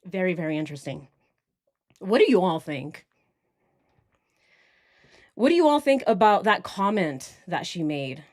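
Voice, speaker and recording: A woman's voice: on the low side, very animated, a little slow, pauses often, darkish tone, no room sound, clean studio sound. A woman hosting a casual true crime livestream, rambling off on tangents and now and then putting on mocking voices.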